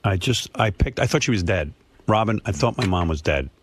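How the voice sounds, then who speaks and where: A man on a radio show telling a family story in casual talk, emotional and animated, jumping higher when he quotes his parents. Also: brisk.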